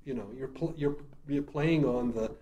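A man's voice: medium pitch, moderate pace, dark tone, highs cut off. A man who writes and performs murder-mystery shows, telling stories casually in an interview; he laughs often and restarts his sentences.

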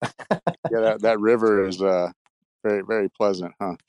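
A man's voice: lowish voice, fairly even intonation, unhurried, darkish tone, clean tone, dry recording. A man from Kentucky with a Kentucky accent, wry and laid-back in a casual chat.

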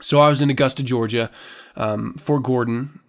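A man's voice: medium pitch, steady tone, moderate pace. A man hosting a podcast in a casual chat, laughing often, swearing freely and rambling through restarts. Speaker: podcast host.

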